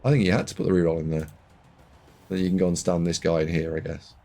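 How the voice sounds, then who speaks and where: Excitable male game caster, deep-ish voice. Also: fast. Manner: excitable, swings from loud shouts to muttered asides. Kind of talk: excited match commentary.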